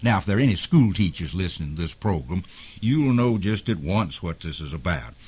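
A man teaching the Bible on a radio program, in a folksy, conversational way with frequent pauses and fillers. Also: low-pitched, lively intonation, a little mellow, breathy edge.

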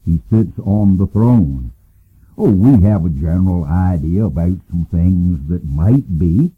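Older man, Bible teacher, folksy conversational talk, husky voice, tinny phone-like radio sound. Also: deep voice, lively intonation, slow pace. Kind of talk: informal Bible lesson.

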